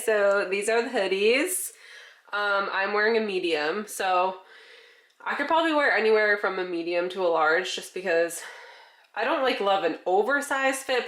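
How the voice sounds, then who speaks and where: A woman's voice: mid-range voice, fairly bright tone, roomy sound. A woman farm vlogger chatting casually with lots of filler words, congested and a little winded. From New York. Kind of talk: casual vlog.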